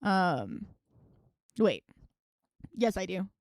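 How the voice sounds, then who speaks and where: A woman's voice: mid-range voice, very animated, extremely slow, darkish tone, no room sound, clean studio sound. A young woman streaming live, chatting casually and wryly about films, rambling and swearing freely. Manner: rambling, profane and wry.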